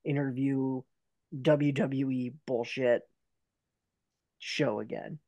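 A young man co-hosting a sports podcast, blunt and quick to swear. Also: medium pitch, steady tone, a little mellow, dry recording. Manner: blunt, swears, exasperated jabs. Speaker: podcast co-host. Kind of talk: casual sports chat.

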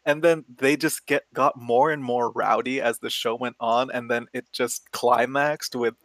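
A man's voice: mid-range voice, fairly even intonation, a little slow, fairly bright tone, no echo. A man telling a rambling story in casual chat, swearing a lot and laughing as he goes. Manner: profane, rambling, laughs as he talks.

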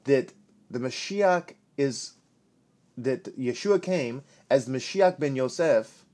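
A man giving an emphatic, animated Bible teaching, often repeating himself for stress. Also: medium pitch, takes it slowly. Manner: emphatic, repetitive, animated delivery.

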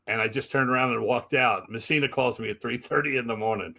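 A man's voice: medium pitch, quick pace, gravelly, sharp tone. Self-deprecating man telling a gig story. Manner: self-deprecating, plays both sides of dialogue. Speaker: podcast co-host, comedian. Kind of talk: casual chat, storytelling.

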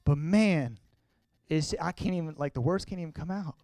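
A young man sharing a personal testimony with a congregation, talking earnestly and conversationally, sometimes halting with emotion. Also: a little high, darkish tone, no echo. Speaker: church speaker sharing testimony.

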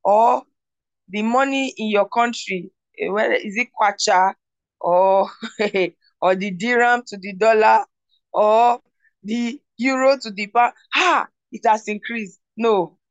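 A woman preaching a devotional sermon, repeating declarations of victory and breaking into shouts of glory. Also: mid-range voice, slow pace, no echo, lo-fi sound.

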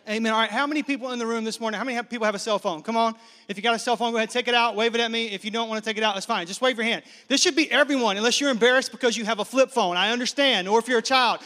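A man in his thirties from Nigeria, a pastor preaching a lively, joking sermon to a live congregation. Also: extremely high pitch, racing. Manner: lively, joking, engages the crowd. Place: large hall with live congregation. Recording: reverberant church hall.

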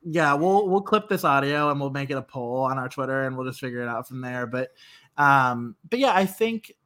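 A woman from Northeast Ohio co-hosting a podcast from her home desk, chatting casually with lots of fillers and sudden jumps in pitch. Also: lively intonation, normal speed, fairly bright tone. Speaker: podcast co-host. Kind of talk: casual chat.

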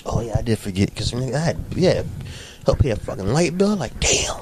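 A man co-hosting a casual reaction chat, laughing often and retelling stories in animated quoted voices. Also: medium pitch, brisk, a little hiss or hum. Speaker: co-host.

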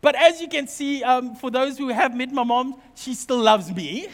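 A very high-pitched man preaches in a big hall with a long, ringing reverb. He tells stories from his own family, acting out the voices with lively asides and jokes. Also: normal speed. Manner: animated, acts out family quotes, jokey asides. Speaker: pastor. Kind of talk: sermon with personal storytelling.

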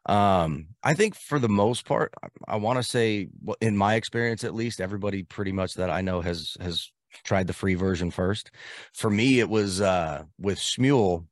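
Casual male co-host, lowish voice, dry booth sound, relaxed slang. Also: normal speed, no room sound. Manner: laid-back, slangy, jokey. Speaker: podcast co-host. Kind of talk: casual chat.

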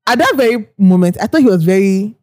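A young woman spins a story for her podcast audience, her pitch leaping around as she talks. She is animated and quick to laugh, slipping into the voices of the people she describes. Her voice sits in the middle range for a woman. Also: no room sound, clean studio sound. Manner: animated, laughing often, acting out quoted people. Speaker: podcast co-host. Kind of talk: casual storytelling chat.

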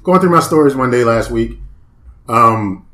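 Male co-host, mid-pitched, patient and explanatory, echoey room sound. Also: expressive, a little slow, fairly bright tone. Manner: explanatory, patient, matter-of-fact. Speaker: podcast co-host. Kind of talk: casual chat.

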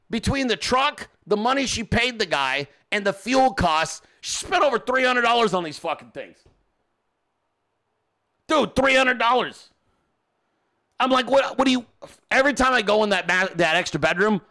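A man hosting a podcast who tells a story as an animated, exasperated rant full of cursing. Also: sits high, moderate pace. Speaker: podcast host.

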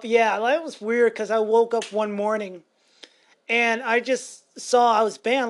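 A woman's voice: fairly high pitch, steady tone, unhurried. Brief: woman podcast co-host, casual and crude, drifts between topics. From Montana, USA. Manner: rambling, crude joking, swears freely.

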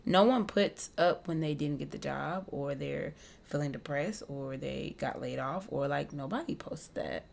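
Low-pitched woman, relaxed chat. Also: a little slow, vocal fry. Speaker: podcast co-host. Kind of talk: casual chat.

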